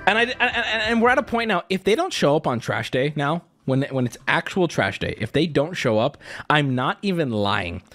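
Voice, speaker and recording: High, lively ranting man. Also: moderate pace. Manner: exasperated, swearing, shouting at times. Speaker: streamer. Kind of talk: casual rant.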